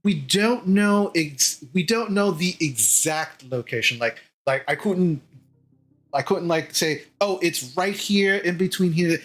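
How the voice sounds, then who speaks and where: A man voicing a halting, composed woman envoy. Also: high-pitched, expressive, fairly bright tone, soft background music. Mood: businesslike. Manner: halting, full of fillers. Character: composed, powerful woman envoy delivering news.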